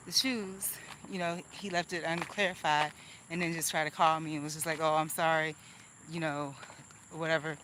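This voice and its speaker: A woman's voice: fairly low pitch, sharp tone, a little hiss or hum, rough recording. A woman venting angrily in a casual vlog monologue, rambling with restarts and laughs. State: angry. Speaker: vlogger.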